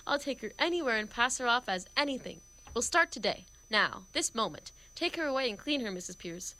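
A woman's voice: fairly high pitch, big pitch swings, fairly quick, sharp tone, low-quality recording. A woman reading the part of a domineering male professor in an amateur play reading, brusque and theatrical. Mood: bossy.

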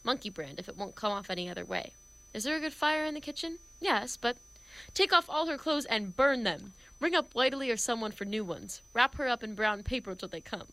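A woman's voice: fairly high pitch, animated, fairly quick, sharp tone, poor audio. A woman reading the part of a domineering male professor in an amateur play reading, brusque and theatrical. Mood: bossy.

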